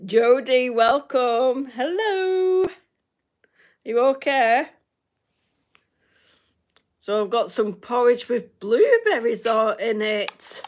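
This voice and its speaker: Northern English woman, livestream host, chatty and giggly, unhurried talk. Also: fairly high pitch, animated. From north of England. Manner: chatty, laughs often, repeats herself. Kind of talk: casual livestream chat with viewers.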